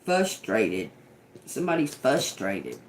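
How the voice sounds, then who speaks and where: A man's voice: lowish voice, wildly swooping pitch, takes it slowly, a little hiss or hum. A man doing a casual tarot reading, rambling and cursing, often repeating single words as they come to him. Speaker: tarot reader.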